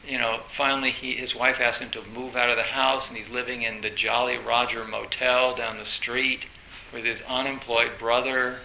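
A man giving an informal dharma talk as a Zen teacher. He speaks haltingly and grows more animated as he retells a story. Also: mid-range voice. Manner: halting, storytelling, recounts a film with rising animation. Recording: roomy echo with faint hiss.

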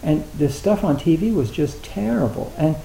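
Mellow middle-aged man, halting dharma talk. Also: on the high side, expressive, gravelly. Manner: halting, loose and conversational with frequent fillers; wry, gently humorous. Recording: roomy hall with faint hiss.

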